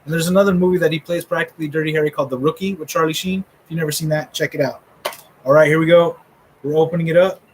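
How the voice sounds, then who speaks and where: A man's voice: fairly high pitch, fairly even intonation, racing, a little hiss or hum, low-quality recording. A middle-aged man hosting a live fantasy football draft order reveal, rambling and joking with friends. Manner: joking, rambling trash talk. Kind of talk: casual live commentary.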